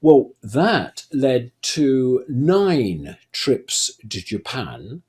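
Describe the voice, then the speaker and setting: A man's voice: mid-range voice, very slow. An older man, a retired theatre performer, tells stories in a documentary interview and acts out the dialogue as he goes. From Britain. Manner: lively anecdotal storyteller who acts out dialogue.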